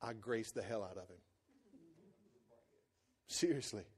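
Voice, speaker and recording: A man preaching a sermon as pastor. He tells stories in a colloquial, joking way and swings from loud excited peaks to hushed low passages. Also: measured pace, breathy edge.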